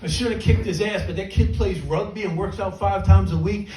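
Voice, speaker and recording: A man's voice: high-pitched, brisk, music in the background. A middle-aged man doing a stand-up comedy set in a small club, telling self-mocking stories with punchlines. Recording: roomy venue, mic from a distance, laughing crowd. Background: audience laughter.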